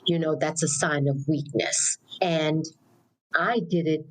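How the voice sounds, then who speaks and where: A woman co-hosting a podcast, her voice sitting low. She tells stories from her own life in an easy, reflective way and repeats words to drive a point home. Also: steady tone, a little slow, poor audio. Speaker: podcast co-host. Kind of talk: casual podcast conversation.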